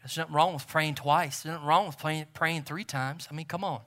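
A man's voice: on the high side, fairly even intonation, a little fast, fairly bright tone. A man preaching a sermon as pastor, in a conversational style that repeats phrases for emphasis.

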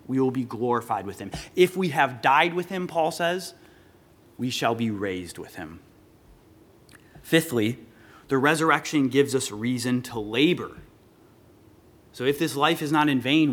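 A man's voice: fairly high pitch, fairly bright tone. A man preaching an earnest sermon, rising with emphasis when he quotes scripture. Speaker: pastor.

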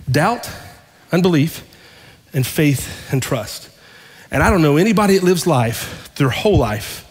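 Male pastor, high voice, conversational sermon, long hall reverb. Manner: conversational preaching, acting out dialogue, asking the congregation questions.

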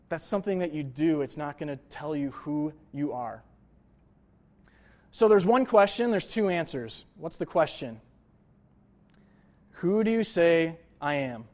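A young male pastor gives a relaxed sermon in a slightly high voice. He talks loosely and jokes, with plenty of "like" and "uh" as he goes. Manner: conversational, jokey, lots of fillers like "like" and "uh". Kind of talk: casual sermon.

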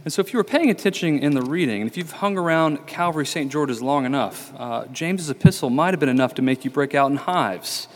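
A man's voice: fairly high pitch, lively intonation, fairly quick, hardly any pauses. Male pastor, chatty sermon delivery, lots of ums, echoing church hall. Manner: conversational, many fillers and restarts. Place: church sanctuary.

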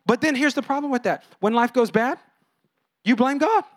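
A man in his thirties or forties preaching a sermon, animated, acting out voices with big swings in pitch. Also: moderate pace. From California. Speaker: pastor.

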